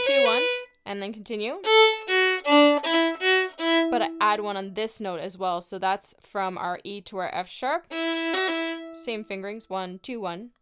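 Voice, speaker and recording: A woman with a Newfoundland accent teaching a fiddle tune step by step, patient and encouraging, with loud fiddle playing in between. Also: a little high. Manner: encouraging, patient, explains slowly. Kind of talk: friendly step-by-step music tutorial.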